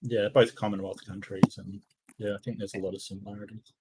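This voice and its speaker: A man's voice: on the low side, little pitch movement, a little fast, heavy background noise. A man with an Australian accent, chatting casually and teasingly as a panelist on an online discussion.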